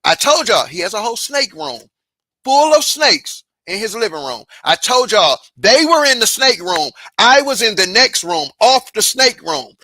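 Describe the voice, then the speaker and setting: A woman's voice: mid-range voice, sing-song, moderate pace, pushed and bright, no echo. A woman hosting a reaction channel, commenting bluntly with heavy profanity and repeating her points.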